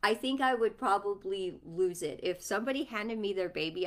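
A woman's voice: mid-range voice, lively intonation, a little fast, few pauses. A mother chatting casually to her viewers on a livestream, rambling and affectionate.

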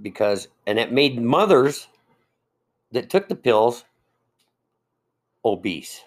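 A man's voice: medium pitch, big pitch swings, slow pace. An older man, a guest on a casual podcast, telling stories and explaining things from decades past. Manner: storytelling, explaining old facts. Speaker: guest, co-host's father.

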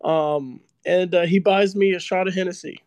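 High-voiced young man telling a story. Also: normal speed, no echo. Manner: animated, laughing, heavy filler words. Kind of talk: casual storytelling chat.

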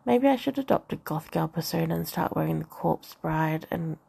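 Woman, audiobook narration, wry dry humour, strong vocal fry, dark mellow tone. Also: low voice, lively intonation, normal speed. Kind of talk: first-person novel narration.

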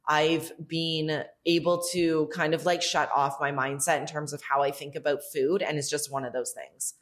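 A young woman hosts her own podcast in a loose, candid monologue. Her voice sits low, and she swears freely and fills her sentences with "like". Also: fairly even intonation, normal speed. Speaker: podcast host. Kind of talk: casual monologue.

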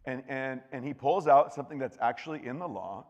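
A male pastor delivers a relaxed, joking sermon and reads scripture aloud, often restarting his sentences. His voice sits at an ordinary pitch for a man. The sound carries the long reverb of a large church hall. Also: a little fast. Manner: joking, chatty, with frequent restarts. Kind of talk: conversational sermon with scripture reading.

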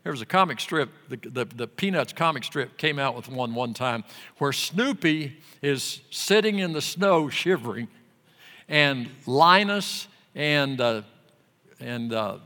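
A man delivering a sermon, slowly and deliberately. His voice is bright and forceful and sits a little high. It carries a long reverb, like a sanctuary. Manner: slow, emphatic scripture reading. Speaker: pastor.

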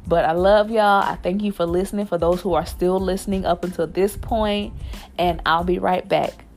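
A woman's voice: fairly low pitch, steady tone, moderate pace, a little mellow, soft background music. A young woman hosting a personal spiritual podcast, talking in a heartfelt, repetitive way. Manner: heartfelt, repetitive phrasing, sighs and laughs. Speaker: podcast host.

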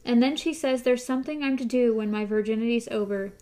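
A woman's voice: a little high, brisk, hardly any pauses, mellow. A woman host casually recapping a book and reading passages aloud. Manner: recaps chattily with fillers.

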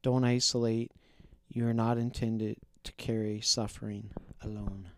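A man on a podcast giving measured, gently exhorting pastoral advice. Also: on the low side, level tone, no echo.

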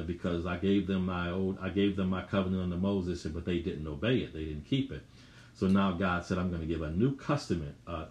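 A man's voice: sits low, darkish tone, echoey room. A man preaching a sermon, with emphatic, repetitive phrasing that rises for emphasis.

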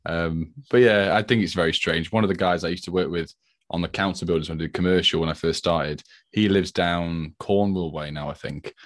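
A man's voice: low voice, steady tone, fairly quick, dry recording, clean studio sound. A man, co-host of a podcast, telling rambling stories in casual chat. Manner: chatty, rambling storyteller.

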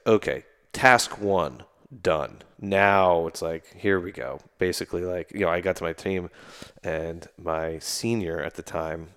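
A man with a very low, deep voice, speaking as a guest and army veteran. He tells stories in a loose, rambling way, with plenty of fillers and false starts. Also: gravelly, fairly bright tone. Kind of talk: casual conversational storytelling.

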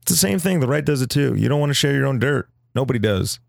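A man's voice: medium pitch, expressive, fast talker, creaky, no echo. A young man co-hosting a podcast in a studio, chatting casually with crude jokes and mock voices. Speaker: podcast co-host. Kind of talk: casual chat. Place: studio with wood floors.

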